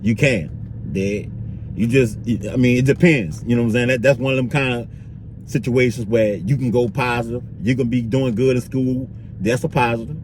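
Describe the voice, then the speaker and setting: A man's voice: medium pitch, moderate pace, darkish tone, a little hiss or hum. A man vlogging in a loose, slangy street-talk monologue, filling it with "you dig" and "bro".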